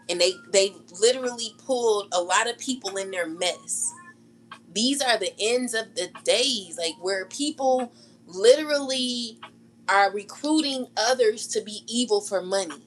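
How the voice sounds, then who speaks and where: A woman's voice: mid-range voice, a little slow, poor audio. A woman hosting her own channel, talking straight to viewers in a heated, accusing rant, repeating herself and swearing freely. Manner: heated, accusing, repetitive, cursing. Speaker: tarot channel host. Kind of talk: ranting vlog monologue.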